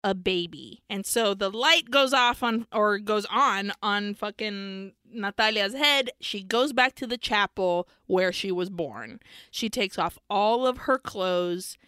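A woman's voice: medium pitch, slow pace, sharp tone, clear, resonant tone, no room sound. A woman co-hosting a podcast, retelling a film's plot in casual chat, swearing freely and laughing as she goes. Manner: swears often and laughs while telling the plot. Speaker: podcast co-host. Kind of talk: casual film recap chat.

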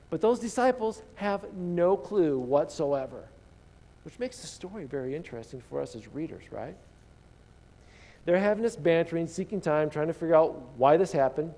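A man preaching a sermon in a conversational, animated way, acting out the people in the story. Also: sits high. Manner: conversational, animated, acts out quotes. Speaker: pastor.

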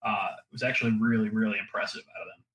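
A man talking as a guest analyst on a casual sports podcast, wry and quick to laugh. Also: fairly low pitch, steady tone, fairly bright tone, roomy sound, highs cut off, slight background noise.

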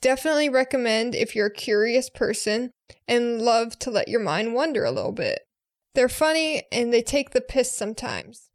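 A woman co-hosts a casual podcast, reading reviews with a lively, swooping voice that sits fairly high. Her voice has a creaky edge, and the sound is dry and close. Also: normal speed, no echo. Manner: lively, laughs easily. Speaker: podcast co-host.

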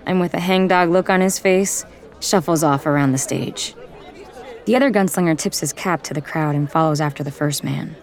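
Low-voiced woman narrating an audiobook. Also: a little mellow. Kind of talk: first-person audiobook narration.

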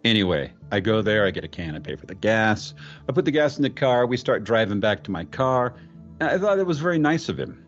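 Low-voiced man telling a spooky story. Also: very animated, highs cut off, faint music behind. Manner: slipping in and out of a celebrity impression; halting, repeats words, sudden high exclamations. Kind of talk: dramatic retelling of a ghost story.

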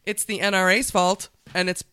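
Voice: mid-range voice, little pitch movement, moderate pace, bright, forceful tone, smooth, dry recording. A speaker in casual podcast chat who rambles, swears and acts out other people's words.

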